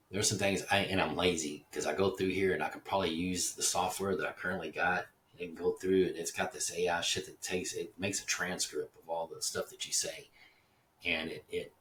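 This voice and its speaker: Middle-aged male podcaster, deep voice, crude rambling rant, distant mic with faint noise behind. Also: fairly even intonation, normal speed, fairly bright tone, roomy sound. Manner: rambling and profane, laughs at his own jokes. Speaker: podcast host. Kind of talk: casual solo podcast rant.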